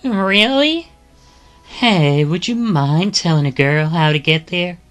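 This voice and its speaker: Brief: woman voicing a blunt, cheerful young woman for a game read-through; chirpy, unhurried, faint music behind. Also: fairly low pitch, expressive, fairly bright tone, voice pushed up. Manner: chirpy, sing-song, calls people love. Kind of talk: reading a visual novel aloud.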